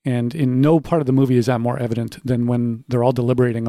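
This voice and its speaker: A man's voice: medium pitch, level tone, fast, mellow, no echo, clean studio sound. A man speaking as a podcast guest, working methodically through his notes and building each point with examples. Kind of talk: conversational podcast discussion.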